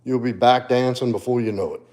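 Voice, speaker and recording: A man's voice: mid-range voice, fairly quick, darkish tone. A man hosting a casual livestream, answering viewers in the chat and talking to his dog. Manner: laid-back, talks to his dog and viewers. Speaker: livestream host and fitness coach.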